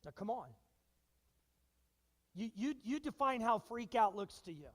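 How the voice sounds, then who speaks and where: A high-pitched man preaching to his church, his voice carrying a long reverb through the sanctuary. He is animated, tossing questions to the congregation and acting out what people say. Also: a little slow. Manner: animated, asks the congregation questions and acts out quotes. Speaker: pastor. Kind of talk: sermon.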